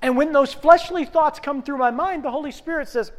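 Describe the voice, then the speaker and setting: Male pastor, 30s, story-driven sermon, swings loud to hushed, long church reverb. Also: very high-pitched, moderate pace, hardly any pauses. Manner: animated storytelling, rising to loud bursts and dropping to soft prayer. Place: church sanctuary.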